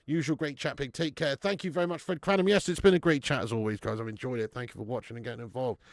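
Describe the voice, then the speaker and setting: A man's voice: mid-range voice, dry recording. A man hosting a live football watch-along from home. He chats casually, swears freely and calls out viewers by name. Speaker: live stream host.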